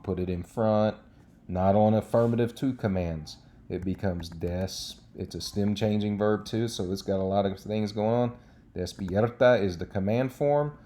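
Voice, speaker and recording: A man's voice: lowish voice, warm tone. A man teaching a recorded Spanish lesson, explaining step by step in a patient way with frequent checks like "okay".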